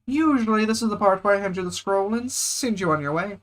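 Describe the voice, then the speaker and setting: An actor playing a shady male smuggler who runs a tavern, talking like a smooth, wheedling dealmaker. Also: sits high, animated, a little fast, a bit bright. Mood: sly.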